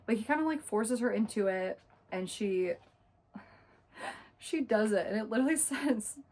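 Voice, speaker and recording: A young woman recapping a book in a casual, chatty way, full of fillers and quick asides. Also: fairly high pitch, expressive, a little mellow. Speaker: book reviewer.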